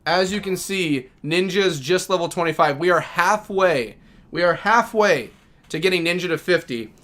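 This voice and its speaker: A man's voice: high voice, moderate pace, a bit bright. A man streaming a game live, chatting casually and talking affectionately to his dogs. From Minnesota.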